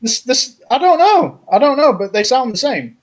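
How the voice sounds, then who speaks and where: A man appearing as a comedy panel guest, telling a story in a halting, offhand way. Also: very high-pitched, sing-song, low-quality recording. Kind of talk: casual comedy chat.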